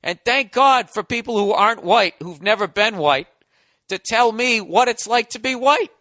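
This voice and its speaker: A man with a high, sharp voice rants on his podcast, heavy with sarcasm and swearing. The sound is close and dry, with no room around it. He mocks and grumbles his way through a comic monologue. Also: animated, moderate pace, no room sound. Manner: sarcastic, profane ranting. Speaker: podcast host.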